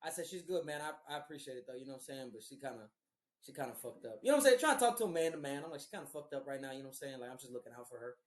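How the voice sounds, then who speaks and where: A man's voice: mid-range voice, expressive, very fast. A man in his thirties hosting a podcast, telling a profane story in casual chat and acting out what people said. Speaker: podcast host. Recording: roomy echo.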